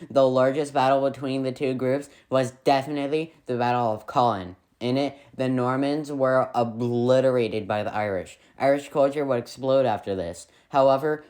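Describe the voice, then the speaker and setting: A man's voice: medium pitch, a little mellow. A man narrating a history video in a scripted way, with playful, sarcastic asides.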